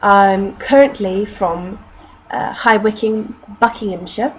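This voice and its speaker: A woman's voice: mid-range voice, slow, a little hiss or hum, rough recording. A young woman from North Yorkshire with a mixed British accent, mostly southern English with traces of northern English and Canadian, chatting in a casual vlog and reading words aloud, self-mocking and fond of mild swearing. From North Yorkshire, England. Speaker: vlogger.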